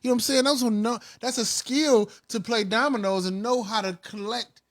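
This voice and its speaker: A man's voice: very high voice, steady tone, moderate pace, fairly bright tone. A young man co-hosting a podcast in loose, profane, joking chat, laughing often into a close mic. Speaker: podcast co-host. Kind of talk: casual chat.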